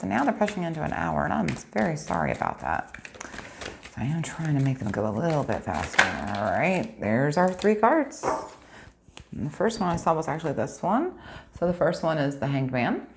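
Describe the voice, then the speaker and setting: Low-voiced woman giving a tarot reading. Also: vocal fry, slight background noise. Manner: earnest, preachy, talks to viewers as twins. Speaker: tarot reader. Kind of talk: spiritual tarot reading to viewers.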